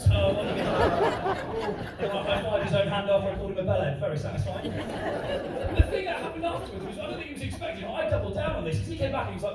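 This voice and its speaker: Young man, stand-up comedian, cheeky teasing banter, high lively voice, echoey theatre, distant mic, crowd. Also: fast talker. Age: 20s. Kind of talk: live stand-up set with crowd work. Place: large theatre. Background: audience laughter.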